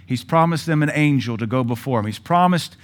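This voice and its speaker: A middle-aged male pastor preaching a sermon, with forceful rises in volume and sudden quiet drops. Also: medium pitch, animated, a little fast.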